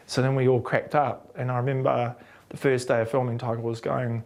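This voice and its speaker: An actor with a New Zealand accent tells anecdotes in an interview, animated and acting out what other people said. His voice is medium in pitch and a little fast.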